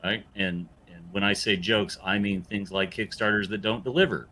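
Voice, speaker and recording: A man's voice: on the low side, steady tone, moderate pace, bright, forceful tone, slight background noise. A man co-hosting a livestream, talking emphatically and persuasively. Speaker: co-host. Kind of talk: casual livestream chat.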